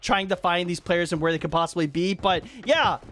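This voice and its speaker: A young man with a high voice hosts a hide and seek match while playing in it. His brisk, animated commentary keeps jumping up into excited yelps.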